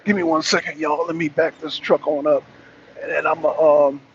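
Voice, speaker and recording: A man's voice: fairly high pitch, flat delivery, normal speed. A man, hosting a casual live-stream talk and chatting loosely with his viewers. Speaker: talk show host. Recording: dull lo-fi stream with faint noise.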